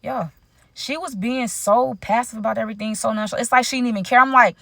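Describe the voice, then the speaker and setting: Animated young woman telling a story. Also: on the high side, quick pace, creaky, no echo. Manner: animated, slangy, addresses viewers as y'all. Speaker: storytime vlogger. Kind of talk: casual storytime.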